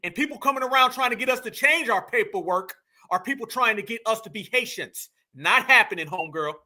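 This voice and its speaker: A man hosting a live stream, reacting to a clip with loud, mocking, dismissive commentary and lots of repetition. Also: extremely high pitch, lively intonation, fairly quick. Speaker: livestream host.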